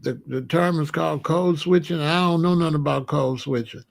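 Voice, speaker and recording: Gravelly-voiced middle-aged man storytelling. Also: fairly high pitch, normal speed. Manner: storytelling, conversational, repeats phrases for emphasis. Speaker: commentator. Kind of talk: casual monologue.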